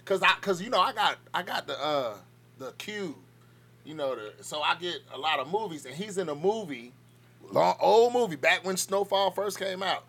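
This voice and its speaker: A man with a Southern accent talks loosely on a podcast, swearing and laughing through his stories. His voice sits high and has a gravelly edge, with a bright, sharp tone. A faint hum runs underneath. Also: lively intonation, normal speed. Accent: Southern US, Georgia. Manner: loose, laughing, profane storytelling. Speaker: podcast co-host. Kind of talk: casual chat.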